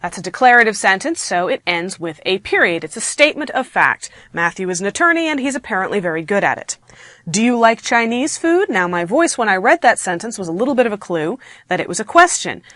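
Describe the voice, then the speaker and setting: A woman teaching an online grammar lesson in a playful, animated way, acting out her example sentences. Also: medium pitch, fast talker, no echo. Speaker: grammar instructor.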